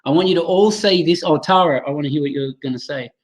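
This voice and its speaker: A man hosts a live webinar for teachers, talking with lively enthusiasm. He calls on attendees by name and models phrases aloud to demonstrate them. He sounds like he's speaking into a computer mic on a video call. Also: on the high side, fast, poor audio. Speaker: teacher trainer hosting a webinar.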